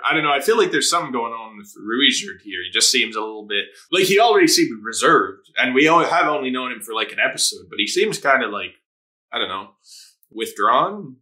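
Excitable man with a sharp, bright voice. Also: mid-range voice. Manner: excitable, laughs often, swears freely; drops into quick voices for characters. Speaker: anime reaction host. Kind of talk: casual reaction commentary.

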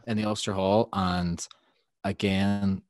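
Lively man telling stories. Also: low voice, slow, dry recording. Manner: animated anecdotes, laughing often. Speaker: guest musician. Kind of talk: casual podcast storytelling.

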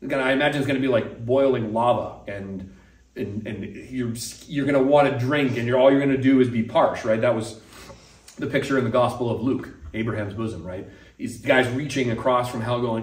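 A man's voice: mid-range voice, a little fast. A man preaching a casual sermon as pastor, talking conversationally and acting out the voices he quotes. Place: church sanctuary. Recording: echoey room, mic at a distance.

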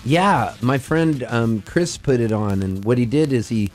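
A musician guest in a radio studio tells a long, rambling anecdote broken by bursts of laughter. His medium-pitched voice is a little slow and mellow, picked up by a studio mic. Soft music plays behind him, and the recording is rough.

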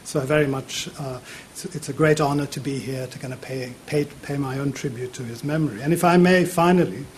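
A man's voice: mid-range voice, brisk, a little hiss or hum. Hesitant man giving a public lecture. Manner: hesitant, many fillers and repeated words. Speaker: university politics lecturer. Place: university lecture theatre.

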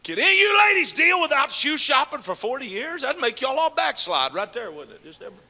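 Preacher, man, very high tense voice, fiery sermon that jumps from shouting to quiet chat with the congregation. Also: big pitch swings, quick pace. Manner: swings between shouted proclamation and low conversational asides; calls out to the congregation.

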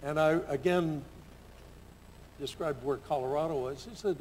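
An older man on a discussion panel, telling anecdotes in a relaxed, measured conversational way. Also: fairly high pitch. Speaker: panelist, former senator. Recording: reverberant hall with faint background noise.

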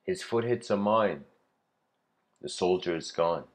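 A man giving a spoken lecture, telling a long story in a loose way, with many fillers and throat clearing. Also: low-pitched, measured pace. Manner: loose, full of "you know" fillers, frequent throat clearing.

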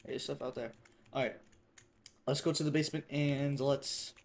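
A man giving casual, profane commentary while playing a game, swinging between mutters and excited shouts. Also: mid-range voice, normal speed, gravelly, pauses often. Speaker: gamer.

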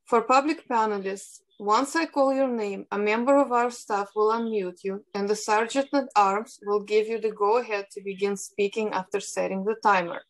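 A woman with a Russian accent moderating a council hearing over a video call, reading formal procedural instructions in a measured way. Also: mid-range voice, fairly even intonation, poor audio. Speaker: hearing moderator, policy analyst.

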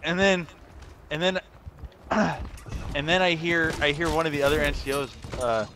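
A man's voice: fairly high pitch, steady tone, unhurried, bright, forceful tone, slight background noise. A young man chatting casually while gaming, telling rambling, profane stories from his army days. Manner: rambling storytelling with profanity and laughs. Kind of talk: casual chat.

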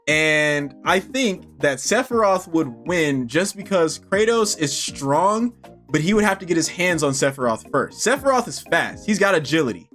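A man's voice: a little high, a bit bright. A young man giving casual, sarcastic gameplay commentary, laughing and swearing as he plays. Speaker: gaming video creator.

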